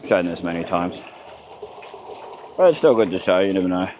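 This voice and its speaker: A man's voice: deep voice, lively intonation, normal speed. An Australian man chatting in a rambling way while he narrates a walking vlog outdoors by a waterfront, recorded on a handheld camera. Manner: rambling, chatty, muttering asides. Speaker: vlogger. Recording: dull lo-fi camera audio with faint outdoor noise.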